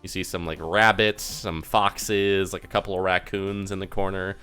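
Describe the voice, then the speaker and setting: A man's voice: sits low, fairly even intonation, moderate pace, fairly bright tone, smooth, faint music behind. A man narrating a tabletop game as game master, describing scenes loosely with many fillers. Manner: rambling, filler-heavy description.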